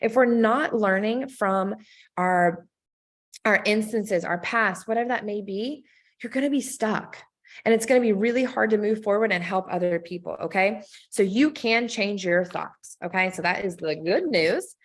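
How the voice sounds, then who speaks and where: A woman coaching a team on how to sell, talking upbeat and direct, often checking in with "okay?" and acting out sample scripts. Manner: acts out sample scripts with quick pitch swings. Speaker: network marketing team trainer.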